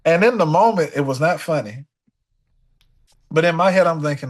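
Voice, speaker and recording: A young man telling a funny studio story in a casual sit-down conversation, animated and dropping into the voices of the people in it. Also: on the high side, moderate pace, long pauses. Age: young adult. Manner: animated, slips into voices of the people in his stories. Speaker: guest musician.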